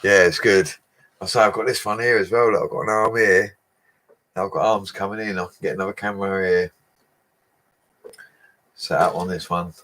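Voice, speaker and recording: A man with a low, deep voice chats with his livestream viewers in an easy, matey way. He speaks, reads comments aloud and laughs often. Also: fairly even intonation, moderate pace, long pauses, a bit bright. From England. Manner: chatty, laughs often, talks to viewers as mates. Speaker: bricklayer livestreamer. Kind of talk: casual livestream chat reading comments.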